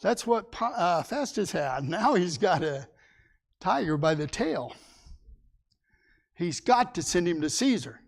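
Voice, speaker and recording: Gravelly man teaching a Bible class. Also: high-pitched, sing-song, a little slow, long pauses. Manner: folksy, asks the class questions.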